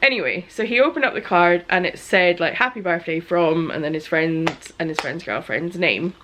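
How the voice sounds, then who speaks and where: A woman's voice: on the low side, moderate pace, background noise. Chatty woman telling a story. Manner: animated storyteller, acts out quotes, laughs often. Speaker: small business vlogger. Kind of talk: casual chatty storytelling vlog.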